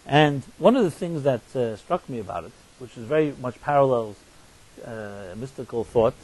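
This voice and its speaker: A man's voice: mid-range voice, animated, normal speed, a little mellow, slightly rough, dry recording, poor audio. A man, a rabbi, giving a sermon in a conversational storytelling manner with restarts and asides to his listeners. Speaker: rabbi and teacher.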